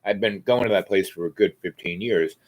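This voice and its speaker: A man with a lowish voice rambles through a story for his viewers. He drifts from thought to thought, trips over restarts and fillers, and breaks into small laughs along the way. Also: brisk. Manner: laughs often mid-sentence. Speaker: vlogger. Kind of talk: casual rambling monologue.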